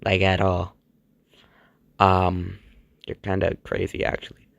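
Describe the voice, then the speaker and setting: A man voicing a female cartoon mango who talks in a flat, unimpressed drawl. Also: deep voice, takes it slowly, gravelly, no echo, lo-fi sound, full character voice. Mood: dismissive.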